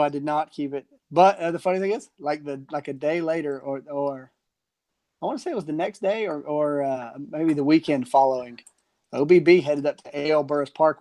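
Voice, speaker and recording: A man, co-hosting a podcast, excitable and teasing as he jumps into the story. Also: a little high. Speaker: podcast co-host. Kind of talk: casual storytelling chat.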